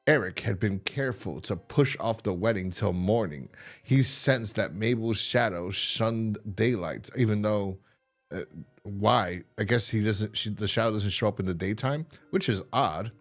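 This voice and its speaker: A man's voice: fairly low pitch, a little slow, soft background music. A man hosting a show, reading a comic aloud and commenting in a chatty, amused way, with fillers and restarts. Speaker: host.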